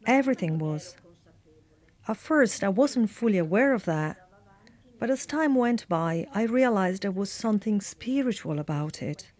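A woman reading a translated voice-over in a measured way. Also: mid-range voice, lively intonation, a little mellow.

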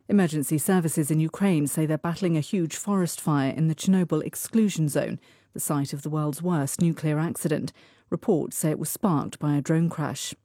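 A woman reads the radio news in a formal, measured way. Her voice is low and mellow, and the studio recording is dry and close. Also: no room sound. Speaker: newsreader. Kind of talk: news bulletin reading.

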